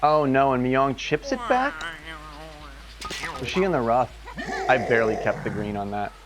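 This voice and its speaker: A man's voice: mid-range voice, animated, normal speed, noisy background. A man streaming a golf game, chatting casually, laughing often and swearing freely. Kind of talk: casual live game commentary.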